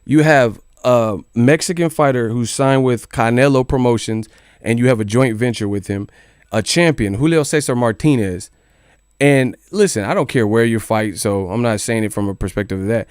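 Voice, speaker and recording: A man's voice: mid-range voice, moderate pace, a little mellow, smooth, no room sound, clean studio sound. A man hosting a boxing news channel in casual commentary, joking and incredulous, with plenty of swearing. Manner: incredulous, joking, profane rant.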